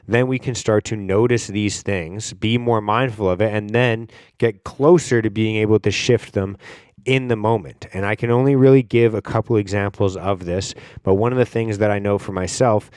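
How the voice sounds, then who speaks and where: A young man with a low, smooth, resonant voice, hosting his podcast alone. He talks in a loose, rambling way, full of fillers, and swears often. The sound is dry and close, with no room echo. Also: steady tone, normal speed, darkish tone. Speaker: podcast host. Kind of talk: casual solo podcast talk.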